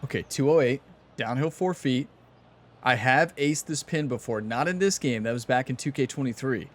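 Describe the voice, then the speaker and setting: A man's voice: medium pitch, normal speed, slight background noise. A young man hosting his gaming channel, chatting casually to viewers and laughing at himself while he plays. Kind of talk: casual gameplay commentary.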